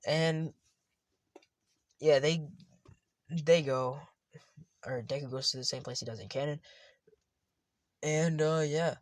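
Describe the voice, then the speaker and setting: A man's voice: fairly high pitch, steady tone, slow, pauses often, no room sound. A man casually retelling a fan story, rambling and often correcting himself.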